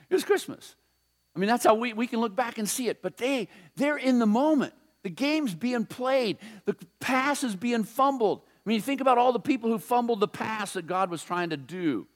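A man with a notably high voice delivers a sermon. He talks casually and animatedly, slipping into storytelling and playful asides as he preaches. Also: lively intonation, normal speed. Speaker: pastor.

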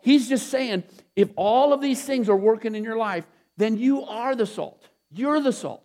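High-voiced man preaching conversationally. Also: moderate pace. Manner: conversational, rambling with restarts and asides. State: tired after a short night. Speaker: pastor. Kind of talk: sermon.

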